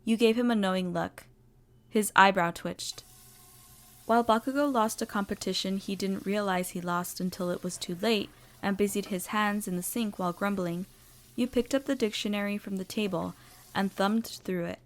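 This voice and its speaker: Expressive woman reading a story aloud. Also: medium pitch, normal speed. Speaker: story reader. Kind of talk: fan fiction audio narration.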